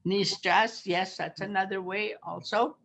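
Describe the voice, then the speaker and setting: Older woman teacher on a video call, unhurried and patient, faint hiss behind. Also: medium pitch, fairly even intonation, fairly bright tone. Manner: slow, patient, repeats words for learners. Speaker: language teacher. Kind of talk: language lesson over a video call.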